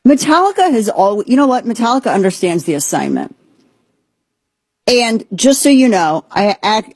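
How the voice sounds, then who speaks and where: A woman with a husky, slightly breathy voice, hosting an opinionated commentary monologue. She talks with sardonic emphasis and blunt slang, and her speech sounds dry and close, with no room echo. She has an ear infection. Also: fairly low pitch, darkish tone. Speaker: show host.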